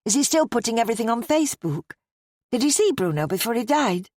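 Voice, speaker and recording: A practical, kind-hearted young woman, gentle and sympathetic in her speech with a light, playful edge, as a woman narrator puts her on. The recording is close and dry. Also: on the high side, big pitch swings, fast talker, dry recording, pitched above the performer's own voice.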